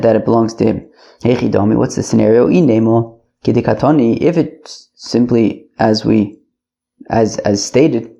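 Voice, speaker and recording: Man, casual Talmud teacher, gravelly and dark-toned, chatty, Yiddish and Aramaic terms sprinkled in. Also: mid-range voice, muffled recording. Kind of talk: casual daily Talmud class.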